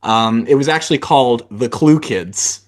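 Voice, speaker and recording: A man's voice: mid-range voice, normal speed. Male podcast host, mid-range voice, easygoing and hesitant. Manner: hesitant, many fillers and restarts. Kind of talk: casual interview chat.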